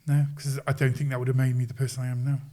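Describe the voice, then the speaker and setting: A man guest on a podcast, telling stories in an animated, casual way and acting out quoted voices. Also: mid-range voice, rapid-fire. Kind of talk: casual storytelling.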